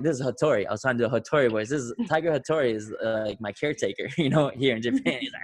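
A man's voice: mid-range voice, very fast, hardly any pauses. A man hosting a podcast, telling a long rambling story with lots of swearing and laughter. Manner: rambling, profane, laughs often. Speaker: podcast host. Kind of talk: casual storytelling.

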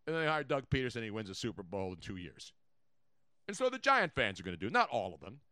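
A man hosting a sports talk show, excitable and chatty, repeating his points for effect. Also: fast talker, no echo, studio quality. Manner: excitable, repeats points, jumps in pitch and volume. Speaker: sports radio host.

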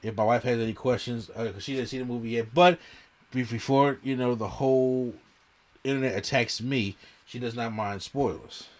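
A man's voice: medium pitch, steady tone, moderate pace. A man hosting a podcast, telling an emphatic, slangy story in casual movie chat and often repeating himself. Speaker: podcast host.

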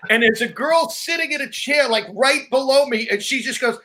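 A man's voice: extremely high pitch, normal speed, pushed and bright. A man hosting a casual chat, telling chatty stories. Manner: chatty anecdote teller.

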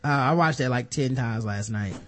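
A man co-hosting a casual podcast chat, animated and profane, acting out the people he quotes. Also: medium pitch, moderate pace. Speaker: podcast co-host.

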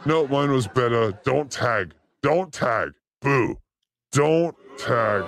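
A man hosting a livestream, reacting to clips with crude, excitable jokes. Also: medium pitch, slow, vocal fry, background noise. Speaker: show host reacting to clips. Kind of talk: livestream clip commentary.

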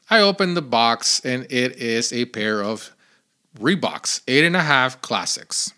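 A man hosting his own podcast, telling a rambling story in a casual, animated way with lots of fillers. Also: medium pitch, unhurried, smooth. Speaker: podcast host.

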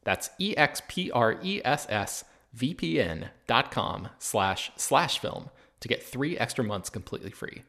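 Relaxed male podcast host. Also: medium pitch, measured pace, gravelly, few pauses. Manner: relaxed, many ums and uhs. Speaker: podcast host and film editor. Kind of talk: casual podcast chat with read ads.

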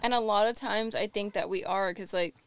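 A young woman in casual chat, telling stories with plenty of "like" fillers and animated delivery. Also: mid-range voice, fairly quick, clean tone, no echo. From United States. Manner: chatty, lots of "like" fillers, animated storytelling.

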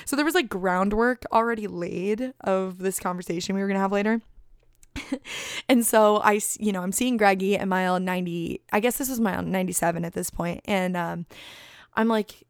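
A young woman hosting a podcast, telling a story in casual, animated chat, full of swearing and "like". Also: medium pitch, quick pace, clear, resonant tone, no room sound, studio quality. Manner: animated, swears a lot, says "like" constantly. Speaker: podcast host.

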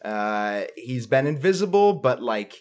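A man playing a tabletop game, describing his character in a relaxed way. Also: mid-range voice, measured pace, smooth. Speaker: player. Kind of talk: tabletop role-play chat.

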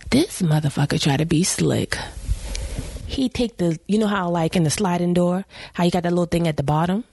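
A woman, hosting a podcast and telling a story in casual chat, animated and laughing, acting out what people said. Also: on the low side, a little fast, creaky, breathy edge, dry recording. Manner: animated, laughing, acts out quotes. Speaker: podcast host.

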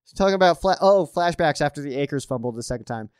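A young man hosting a casual fan stream, reading viewer questions and riffing on them in a rambling way that builds into excited outbursts. His voice sits a little high for a man and sounds dry and close, with no room around it. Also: quick pace, clear, resonant tone, no room sound. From Colorado. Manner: excitable, rambling, gets worked up. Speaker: fan show host answering viewer questions. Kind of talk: casual livestream chat.

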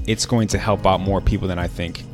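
A man's voice: low-pitched, steady tone, a little fast, music in the background. A man hosting a podcast, upbeat and chatty as he introduces and interviews his guest. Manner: upbeat, friendly, chatty, with frequent fillers. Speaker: podcast host.

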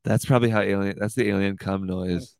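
Low-voiced dude rambling on his podcast, cussing, dry close sound. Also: fairly even intonation, a little fast, vocal fry, a little mellow, no echo. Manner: rambling, profane, says "dude" a lot. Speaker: podcast host. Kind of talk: casual livestream podcast chat.

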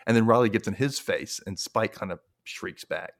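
A man hosting a podcast, recapping an episode in casual chat, animated and quick to laugh. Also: lowish voice, gravelly. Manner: animated storytelling, laughs often. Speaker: podcast host.

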